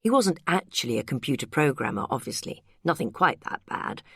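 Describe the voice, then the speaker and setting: A worldly, self-mocking woman spins tipsy tales with dry, amused humour, as a woman reading an audiobook voices her. Her voice sits low. The sound is close and dry. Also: big pitch swings, fairly quick, vocal fry, fairly bright tone, breathy edge, no room sound, exaggerated voice. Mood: wry amused. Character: wry, worldly woman friend, tipsy storyteller.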